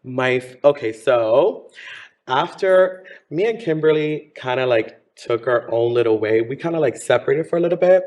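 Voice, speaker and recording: A man's voice: mid-range voice, animated, normal speed, a little mellow. A man in his thirties, a drag performer from Miami, chatting campily in an interview and calling people honey. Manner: campy, chatty, says honey. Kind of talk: casual interview chat.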